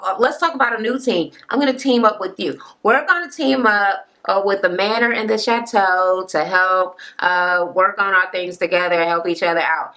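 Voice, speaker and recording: A woman's voice: a little fast, few pauses, bright, forceful tone. Sassy, profane woman ranting. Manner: sassy, profane, acts out cast members' quotes in higher voices. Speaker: reality TV recap vlogger. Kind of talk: casual profane rant recap.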